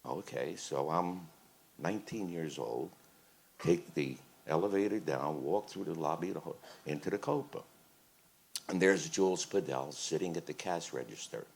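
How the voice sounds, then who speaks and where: A man in his seventies, a guest at a live Q&A, telling animated anecdotes and laughing as he goes. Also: low voice, normal speed, gravelly. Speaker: interview guest, singer. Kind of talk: live Q&A storytelling. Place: event room on a cruise ship.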